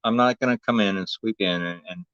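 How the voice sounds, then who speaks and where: A man's voice: fairly low pitch, fairly quick, fairly bright tone, no room sound. A man ranting in heated, profane casual chat as a podcast host, often stumbling and restarting his sentences. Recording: dull, dry lo-fi recording.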